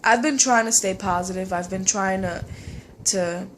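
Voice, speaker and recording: A young woman with a stuffy nose from a cold, venting in a frustrated, halting personal vlog with many fillers and restarts. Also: medium pitch, a bit bright, slight background noise. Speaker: vlogger. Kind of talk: emotional personal vlog rant.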